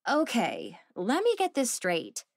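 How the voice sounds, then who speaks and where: A woman's voice: mid-range voice, huge pitch swings, slow pace, gravelly, dry recording, studio quality, voice pushed up, full character voice. A woman voicing a dazed young woman in her twenties, incredulous and full of questions.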